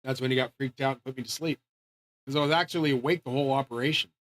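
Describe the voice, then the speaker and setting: A man's voice: medium pitch, steady tone, racing, a bit bright. A man hosting his channel, ranting casually and profanely in an agitated way. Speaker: channel host. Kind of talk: casual rant to camera.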